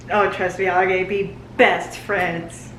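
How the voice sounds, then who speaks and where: A woman giving a live reaction commentary, gushing and excitable as she talks back to the screen. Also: fairly low pitch, takes it slowly. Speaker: book and TV reviewer. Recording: roomy echo, faint hiss.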